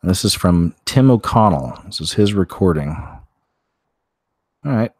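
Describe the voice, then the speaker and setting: Low-voiced man rambling over clips. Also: animated, unhurried, a little mellow, no room sound, studio quality. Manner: rambling, lots of "you know" fillers. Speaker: show host. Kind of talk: casual commentary on video clips.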